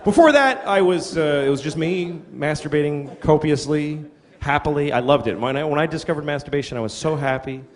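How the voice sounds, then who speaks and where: A man's voice: a little high, expressive, a little fast. A middle-aged man performing stand-up comedy, telling crude, self-deprecating stories and acting out quotes. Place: comedy venue stage. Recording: reverberant hall with audience noise. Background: audience laughter.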